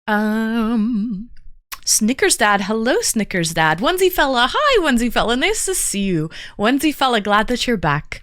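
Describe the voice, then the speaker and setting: A woman's voice: on the high side, very animated, normal speed, fairly bright tone, no echo, clean studio sound. A woman livestreaming, greeting her chat viewers one by one in a playful, casual way.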